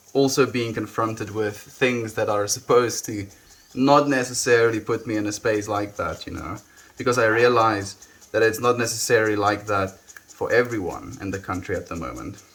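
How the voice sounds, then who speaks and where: A young South African man chatting softly and reflectively with viewers on a live stream, often trailing off with "you know". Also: fairly low pitch. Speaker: livestreamer. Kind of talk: casual live-stream chat.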